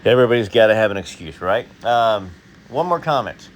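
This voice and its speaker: A man hosting his video and reading viewer comments in a casual, halting way, full of fillers and restarts; he sounds tired. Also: lowish voice, lively intonation, a little hiss or hum.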